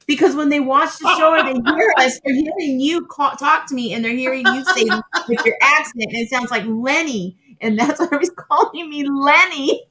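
Woman, video call guest, slightly high voice, expressive, laughing storyteller. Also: a little fast. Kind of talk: live-stream chat.

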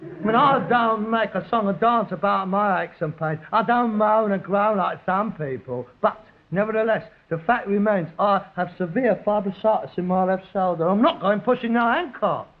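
A man's voice: high voice, normal speed. An actor playing a frustrated, self-pitying young rag-and-bone man, sardonic and theatrical. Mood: exasperated. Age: young adult. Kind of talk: 1960s television sitcom acting. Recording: dull lo-fi 1960s TV sound.

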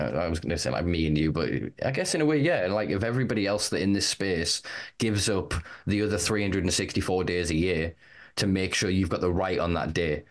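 Brief: low-voiced campaigner, passionate, rallying, profane. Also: male voice. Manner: fervent, rallying, swears freely. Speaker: guest, cannabis rights campaigner. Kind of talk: passionate podcast talk.

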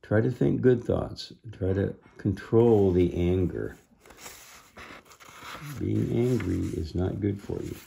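Brief: an unhurried man reading a children's book, pausing for gentle asides. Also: low-pitched, vocal fry, a little hiss or hum. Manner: gentle asides explaining the lesson. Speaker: reader.

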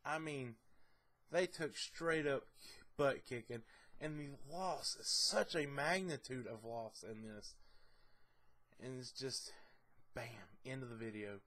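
Excitable rambling man reviewing a movie. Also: mid-range voice, takes it slowly, long pauses. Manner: enthusiastic, rambling with many "uh"s and "I mean"s; excitable and laughs easily. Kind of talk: casual movie review vlog.

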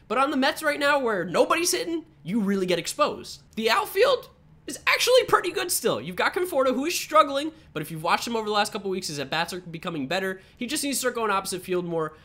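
A man's voice: very high-pitched, sing-song, quick pace, bright, forceful tone. A young man delivering a heated sports rant as a fan vlogger, profane and sarcastic.

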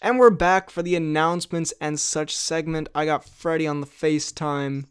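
A man's voice: on the high side, fairly even intonation, moderate pace, clear, resonant tone. A man hosting a podcast in casual chat, talking loosely and laughing often between remarks. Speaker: podcast host.

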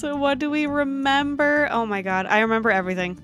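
A woman streamer talking to her viewers during a live game stream, excitable, often gasping and exclaiming. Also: a little high, brisk, faint music behind. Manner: chatty, addresses her viewers directly.

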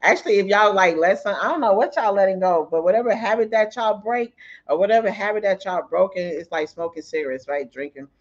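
A man's voice: high voice, fairly quick. A man giving a casual tarot reading, chatty and profane, laughing often and breaking into anecdotes. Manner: tells anecdotes mid-reading. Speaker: tarot reader. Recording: dull lo-fi audio.

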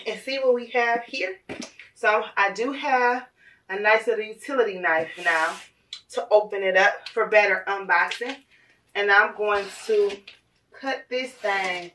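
A woman, gushing and excitable as she unboxes on her vlog. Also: medium pitch, a little slow, far from the mic. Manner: gushing and excitable, addresses viewers as "y'all". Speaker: vlogger.

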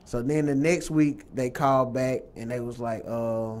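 A man appearing as a guest, telling stories from his acting work in a relaxed, slangy, conversational way. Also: medium pitch, measured pace, hardly any pauses. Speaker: guest actor. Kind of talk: casual chat.

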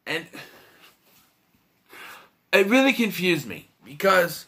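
A man's voice: high voice, sing-song, takes it slowly, sharp tone. A man giving a casual, blunt and profane spoken film review, with frequent restarts as he talks.

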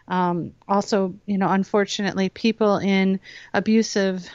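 A woman guest on a talk radio show explaining hypnosis in a lively way, acting out the voices she quotes. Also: medium pitch, moderate pace, no room sound. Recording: dull lo-fi radio audio.

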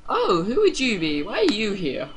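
A woman voicing a frightened, confused elderly mother in a hospital bed, who shouts shrilly and pleads. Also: mid-range voice, wildly swooping pitch, moderate pace, a little hiss or hum. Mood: panicked.

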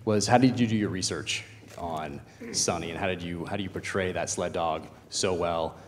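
A man's voice: sits low, normal speed. A man moderating a panel with casual interview questions, enthusiastic and friendly, with many fillers. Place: screening venue stage. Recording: echoey venue hall with faint noise.

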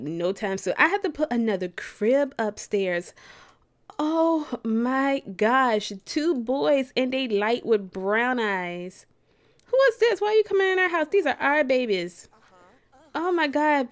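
A young woman in her twenties giving casual let's play commentary, excitable and gasping in disbelief. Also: mid-range voice. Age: 20s. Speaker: gaming YouTuber.

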